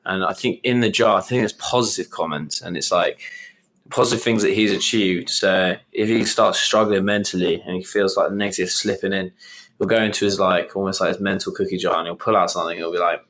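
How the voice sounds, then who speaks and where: A man's voice: low voice, steady tone, brisk, fairly bright tone. A young man hosting a podcast, telling a personal story in a rambling, conversational way with many restarts. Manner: rambling, restarts and retells with quoted inner thoughts. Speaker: podcast host.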